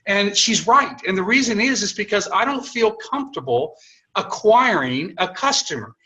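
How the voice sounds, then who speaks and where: Middle-aged male co-host, bright forceful voice, lively storyteller who acts out dialogue. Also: high-pitched, moderate pace, dull audio. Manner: animated, acts out quoted dialogue, frequent restarts. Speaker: co-host of a network marketing call. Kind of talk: conversational storytelling.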